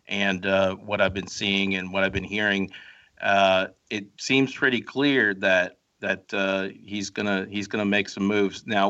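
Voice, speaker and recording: A man's voice: lowish voice, bright, forceful tone. A man with a mixed Midwestern and Southern accent, speaking as a phone-in guest, hesitant with frequent restarts. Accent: mix of Midwestern and Southern. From North Carolina and Ohio. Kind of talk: phone interview. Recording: dull distant phone line.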